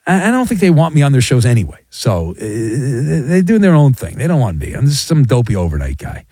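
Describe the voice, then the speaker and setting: A man's voice: medium pitch, huge pitch swings, a little fast, hardly any pauses, warm tone, slightly rough, no echo, clean studio sound. A man hosting a late-night sports radio show, talking to callers in a teasing, playful way.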